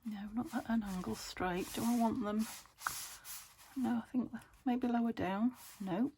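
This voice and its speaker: A middle-aged British woman who vlogs about crafts chats casually to herself as she works, often dropping to a whisper. Her voice is a little high, mellow and measured, on a noisy home recording.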